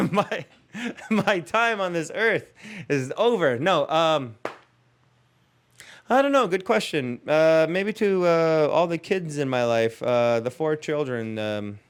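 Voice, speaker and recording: A man's voice: medium pitch, clean tone. A man in his thirties hosting a comedy podcast, telling rambling, self-mocking stories and chuckling at his own mishaps. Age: 30s.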